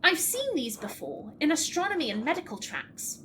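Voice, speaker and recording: A woman's voice: sits high, sing-song, moderate pace, fairly bright tone, slight background noise. A young adult woman hosting a let's play, chatting casually, thinking aloud and reading the game text. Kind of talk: casual gameplay commentary.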